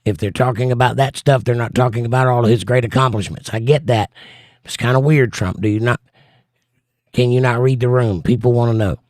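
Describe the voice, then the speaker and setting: In a dry, studio-quality recording, a man hosts a casual livestream, reading viewer comments aloud and answering with wry jokes. His mid-range voice is a little mellow, with fairly even intonation and a slightly fast pace.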